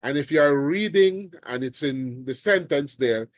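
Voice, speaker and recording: A man teaching an online exam revision lesson, deliberate and often checking in with his students. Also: fairly high pitch, dry recording. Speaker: language teacher. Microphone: video call.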